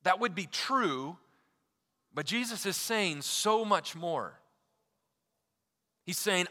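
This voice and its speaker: A male pastor delivers a sermon with a bright, forceful voice that carries through a big echoing sanctuary. He pushes hard on key phrases, then drops nearly to a hush, and slips into loose, chatty asides. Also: fairly high pitch, expressive, takes it slowly, long pauses. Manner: emphatic preaching with wide swings in loudness, dropping to near-quiet for key lines; casual asides with fillers like "like" and "you know".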